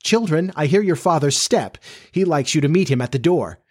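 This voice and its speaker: A man's voice: a little high, expressive, fairly quick, a little mellow, voice pushed up. A man voicing a fussy, motherly young girl playing house in a storybook, prim and scolding.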